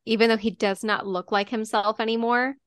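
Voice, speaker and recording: Woman, fairly high voice, dry close sound, emphatic casual chat. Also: little pitch movement, fairly quick, smooth, no echo.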